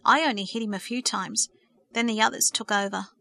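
A woman's voice: medium pitch, fairly even intonation, a little fast, creaky, bright, forceful tone. Woman reading a sobbing remorseful young man. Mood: pleading. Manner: shaky, sobbing pleas.

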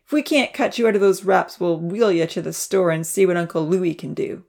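A woman's voice: lowish voice, brisk, creaky, darkish tone. Brusque bold storybook boy, voiced by a woman reader. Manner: brusque, matter-of-fact.

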